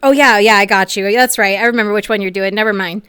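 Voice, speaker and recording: A woman streaming a role-play game in a VR headset, teary and sniffling, murmuring quietly as she chats between scenes. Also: medium pitch, steady tone, fast talker, smooth, no room sound. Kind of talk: casual chat between scenes. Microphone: VR headset mic.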